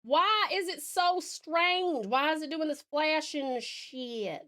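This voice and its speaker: A woman with an Australian accent, chatting casually on a live art stream, laughing often and muttering softly as she draws. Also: high-pitched, takes it slowly. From Tasmania, Australia. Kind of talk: casual live-stream chat while drawing.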